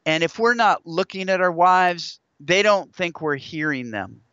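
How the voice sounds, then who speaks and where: Middle-aged guy guest author, earnest preachy storytelling, bright voice, dry slightly dull sound. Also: high-pitched, expressive, measured pace, smooth, no room sound. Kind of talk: interview conversation.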